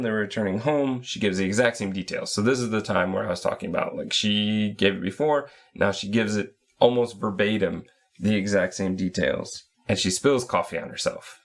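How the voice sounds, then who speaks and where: A man's voice: fairly low pitch, a bit bright. A man co-hosting a podcast, casually walking through a story game point by point and laughing along. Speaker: podcast co-host.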